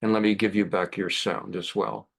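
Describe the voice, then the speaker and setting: A man in his sixties, a rabbi hosting a weekly program, telling anecdotes in a chatty, animated way with frequent restarts. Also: low voice, normal speed, vocal fry, husky. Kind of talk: anecdotal monologue.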